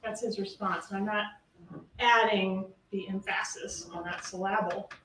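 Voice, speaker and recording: A woman's voice: medium pitch, steady tone, unhurried, fairly bright tone. Emphatic woman prosecutor in a courtroom. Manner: emphatic, rhetorical questioning. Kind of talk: closing argument to a jury. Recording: roomy courtroom audio from a distance, faint hiss.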